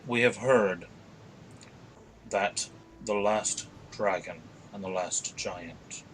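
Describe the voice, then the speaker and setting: A man playing a measured adventurer in a tabletop game, speaking slowly and deliberately. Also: on the low side, slight background noise, poor audio. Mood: probing.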